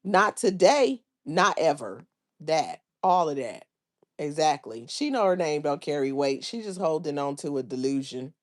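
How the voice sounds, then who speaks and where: On a livestream, a woman host chats casually about online drama and reads viewers' comments aloud in a drawling, gossipy manner. Her voice is low, animated and a little mellow, at normal speed.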